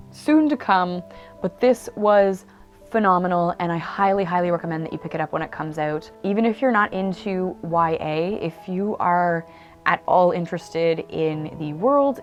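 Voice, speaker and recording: A woman talking casually about books she has read, chatty and enthusiastic, with lots of "like" and "um". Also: lowish voice. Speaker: book vlogger. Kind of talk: casual book review monologue. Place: indoors at home. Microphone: camera mic.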